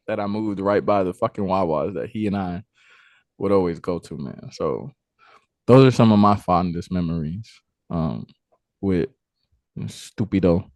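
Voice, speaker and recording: A man's voice: low voice, expressive, measured pace, long pauses, darkish tone, no echo. A man co-hosting a podcast, reminiscing in a laid-back, profane way. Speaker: podcast co-host. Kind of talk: casual chat.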